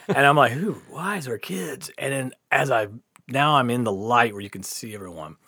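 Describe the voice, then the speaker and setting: A man's voice: mid-range voice, normal speed, gravelly, slightly rough, no echo, clean studio sound. A man casually telling a long, funny story, laughing often, swearing, and acting out what people said. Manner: animated, laughing, swears often, acts out quotes. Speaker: podcast guest storyteller.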